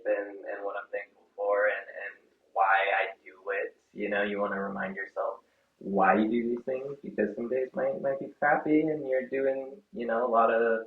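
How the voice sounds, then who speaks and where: A young man in a band, answering interview questions in a thoughtful, measured way. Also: lowish voice, echoey room, phone-quality sound. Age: young adult. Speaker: band member guest.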